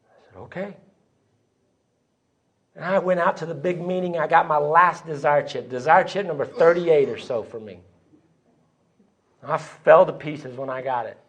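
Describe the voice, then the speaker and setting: Brief: male conference speaker, animated storyteller, slightly high, church hall podium. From Texas. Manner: animated storyteller, acts out quoted voices. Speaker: AA speaker sharing his story.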